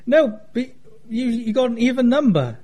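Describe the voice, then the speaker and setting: A man's voice: very high-pitched, sing-song, moderate pace, mellow. A man co-hosting a casual podcast over a call, sarcastic and grumbling with dry asides. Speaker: podcast co-host. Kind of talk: casual chat. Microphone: remote call.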